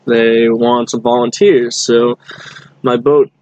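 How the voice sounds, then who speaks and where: A man's voice: mid-range voice, little pitch movement, slow, a little mellow, a little hiss or hum, poor audio. A young man from telling a rambling bar story in casual chat, full of fillers and restarts. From Boston area. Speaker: guest.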